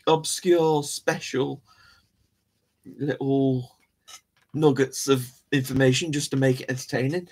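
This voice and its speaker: Rambling male host, husky tone, casual and self-deprecating. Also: medium pitch. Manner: rambling, chatty, self-mocking. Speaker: live show host. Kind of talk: casual live-stream chat.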